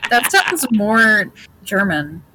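A woman's voice: mid-range voice, sing-song, takes it slowly, sharp tone, slight background noise, rough recording. A woman guest on a casual podcast, playful and teasing the hosts. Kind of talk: casual chat.

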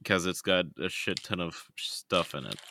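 A man's voice: low-pitched, a little slow, vocal fry, bright, forceful tone, slight background noise. A man co-hosting a podcast in casual chat, laid-back and sweary, laughing often. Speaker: podcast co-host.

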